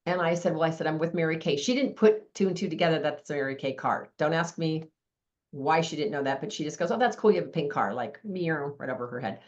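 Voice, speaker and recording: Woman host, fast and chatty storyteller, lower voice, slightly dull lo-fi sound. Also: a little mellow. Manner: chatty storyteller acting out dialogue. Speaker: meeting host. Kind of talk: casual group sharing.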